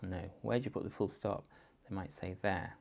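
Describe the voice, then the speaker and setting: A man's voice: low-pitched, a little fast, vocal fry, a little mellow. A man with an English accent, a teacher patiently walking parents through a phonics writing exercise step by step. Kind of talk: instructional guidance for parents.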